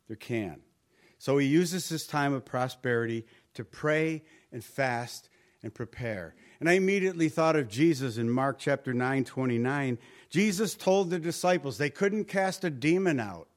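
A man preaching a sermon in a conversational way, posing rhetorical questions and dropping soft and low on his tag lines. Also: lively intonation, normal speed. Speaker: pastor.

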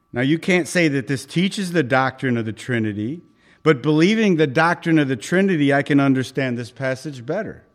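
Emphatic male pastor preaching. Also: mid-range voice. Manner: emphatic, repeats key phrases, chuckles often. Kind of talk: sermon.

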